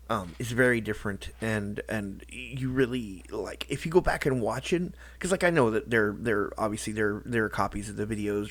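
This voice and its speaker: A man talking in a casual personal vlog, halting and rambling, with lots of restarts and fillers. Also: on the low side, gravelly, no echo. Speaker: YouTuber.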